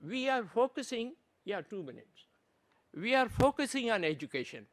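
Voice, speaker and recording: Guy giving a conference talk, high lively voice, halting, keeps restarting his sentences. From Pakistan. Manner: earnest, halting, restarts phrases often. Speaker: conference presenter.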